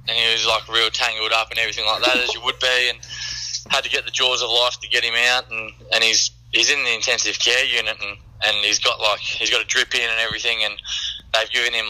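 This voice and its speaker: A man with a very bright, forceful voice, telling a long joke over the phone. He rambles along with plenty of fillers and restarts. The sound is casual and chatty. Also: medium pitch, rough recording. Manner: rambling storyteller, many fillers.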